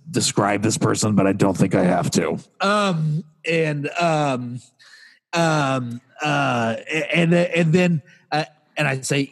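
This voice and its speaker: A podcast co-host with a medium-pitched voice speaks slowly, and a long reverb tail trails his words. In a casual, exasperated rant he tells a comic story, raising his voice to act out the people he quotes.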